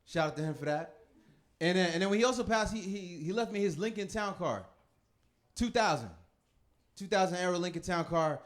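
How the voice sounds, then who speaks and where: A man in his thirties doing a stand-up comedy set, telling loose, laughing stories and switching quickly into other people's voices. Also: sits high, lively intonation.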